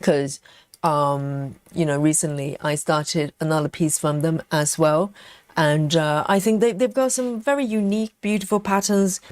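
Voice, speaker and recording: A woman hosting a cross-stitch livestream, chatting casually and relaxed, with many fillers, snacking on chocolate as she talks. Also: low-pitched, measured pace, no room sound.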